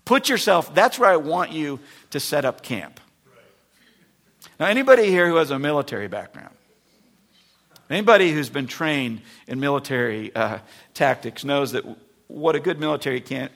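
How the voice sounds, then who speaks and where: A male pastor delivers a sermon in a lively storytelling way, slipping into the voices of the people he describes. His voice is gravelly and a little husky. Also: medium pitch, normal speed, long pauses. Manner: animated storytelling, acting out voices.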